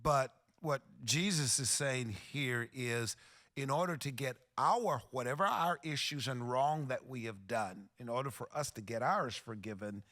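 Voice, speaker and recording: Man, podcast host, earnest, faith-based conversation, middle pitch. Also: measured pace, a bit bright. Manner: earnest, quotes scripture, affirming.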